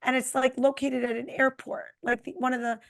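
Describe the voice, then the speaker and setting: A middle-aged woman co-hosting a podcast, chatting casually and telling a long, animated travel story. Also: sits high, fairly quick, gravelly. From Connecticut. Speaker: podcast co-host. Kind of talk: casual chat.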